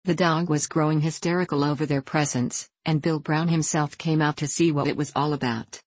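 Woman narrator, low voice, dry close sound, steady audiobook reading. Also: brisk, no room sound. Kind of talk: scripted narration.

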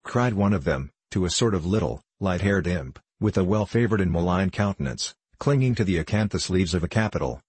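A man narrating an audiobook in a measured, evenly paced reading. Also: deep voice, expressive, darkish tone, slightly rough, no room sound.

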